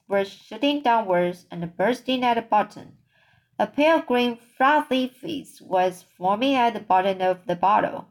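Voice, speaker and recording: Slow, careful woman reading aloud. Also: mid-range voice, rough recording. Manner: slow, careful, occasional slips. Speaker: reader. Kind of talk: reading a children's book aloud.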